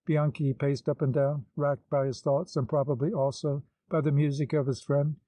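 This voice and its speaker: A man reading an audiobook in measured, scripted narration. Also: a little high, level tone, dark tone, dry recording, rough recording. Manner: measured storytelling.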